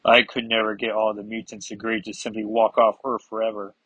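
A man's voice: fairly low pitch, little pitch movement, a little fast, fairly bright tone, slightly rough, no room sound, lo-fi sound. A man voicing a defeated older male mentor, speaking in a resigned way.

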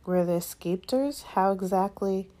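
A woman's voice: mid-range voice, measured pace, dark tone, voice pushed up, natural voice. A woman voicing an eager, curious, easygoing middle-aged father wizard in a read-aloud story.

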